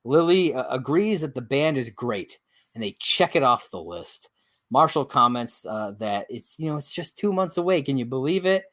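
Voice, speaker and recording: A man co-hosting a podcast, recapping a TV episode in casual chat, halting with many uhs and laughing often. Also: mid-range voice, big pitch swings, a bit bright. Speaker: podcast co-host.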